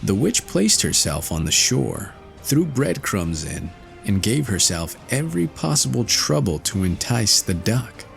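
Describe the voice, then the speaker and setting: A man narrating a fairy tale in a slow, expressive storytelling manner. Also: gravelly, soft background music. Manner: slow, expressive storytelling with wide pitch swings. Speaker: audiobook narrator.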